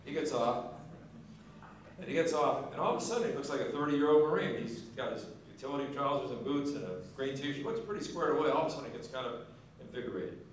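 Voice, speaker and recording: A man's voice: medium pitch, lively intonation, fast talker, slight background noise. A man giving an after-dinner speech at a banquet, telling a folksy joke and acting out its characters. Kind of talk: storytelling speech. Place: large banquet hall. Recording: echoey hall from far off.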